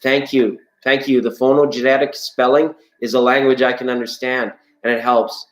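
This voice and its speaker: A man's voice: medium pitch, level tone, normal speed. A chatty man hosts a late-night tarot stream, greeting viewers one by one in a loose, playful way. His mid-range voice bounces off the walls of an echoey room. Now and then he slips into singing a scale. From Canada. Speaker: live-stream tarot host. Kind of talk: casual live-stream chat reading viewer comments.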